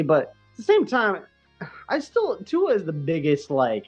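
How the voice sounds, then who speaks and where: A man's voice: a little high, wildly swooping pitch, normal speed. Man, podcast co-host, rambly chat, plenty of fillers, slightly dull lo-fi mic with faint music. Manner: rambling, frequent fillers and restarts.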